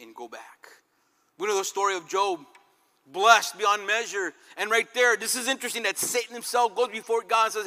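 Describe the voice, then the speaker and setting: A man preaching a fervent sermon, swinging between loud calls and quiet passages. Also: sits high, normal speed. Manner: fervent, dramatic swings in loudness. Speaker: pastor. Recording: long reverb hall.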